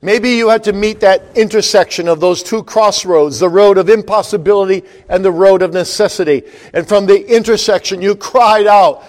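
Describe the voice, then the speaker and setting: Male preacher, high voice, dramatic sermon delivery with big dynamic swings. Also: moderate pace. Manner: dramatic, wide swings in loudness and pitch.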